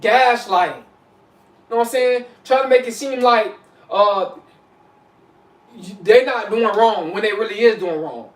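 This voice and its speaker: A man with a high voice giving casual, preachy advice to his viewers and calling them y'all. He circles back to his points and keeps checking in with his listeners. He sits a little back from the mic, and the room adds a hollow echo. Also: a little slow, long pauses, distant mic. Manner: preachy, repeats "you know what I'm saying", addresses viewers as y'all. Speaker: vlogger. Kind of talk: casual motivational talk to camera.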